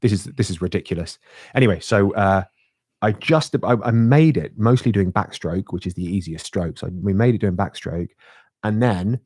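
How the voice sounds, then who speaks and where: Middle-aged man, podcast co-host, quick, slightly husky, low voice, dry sound. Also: no echo. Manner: animated, laughing, swearing. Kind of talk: casual chat, storytelling.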